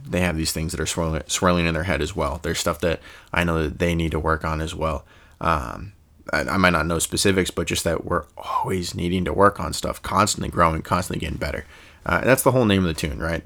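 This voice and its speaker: A young man hosting his own podcast, talking in a deep voice with a gravelly, creaky grain. He rambles and thinks aloud, circling back with fillers and restarts, and often chuckles or drops into quick impressions. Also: a bit bright. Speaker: podcast host. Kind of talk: casual solo podcast musing.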